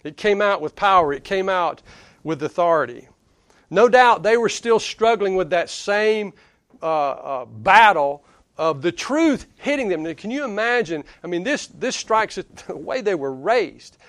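A man preaching a conversational sermon, chuckling and rising for emphasis before dropping low. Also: lively intonation, unhurried, a bit bright, no room sound.

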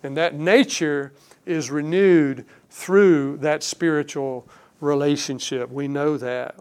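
Earnest preaching man, smooth voice. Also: on the high side, fairly even intonation, darkish tone. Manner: earnest, emphatic preaching with slow stressed phrases. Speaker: pastor. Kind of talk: sermon.

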